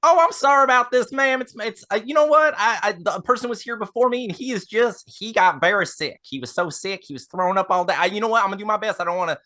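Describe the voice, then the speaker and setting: Brief: overeager folksy fake carriage driver, high and bright, a man doing it. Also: quick pace, few pauses. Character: flustered bluffing young man posing as a carriage driver.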